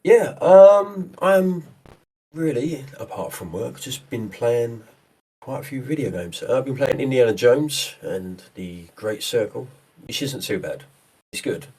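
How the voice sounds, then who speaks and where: A man's voice: medium pitch, expressive, unhurried, warm tone, husky. A man co-hosting a podcast, talking in a hesitant, rambling way. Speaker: podcast co-host. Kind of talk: casual chat. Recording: voice distant from the mic.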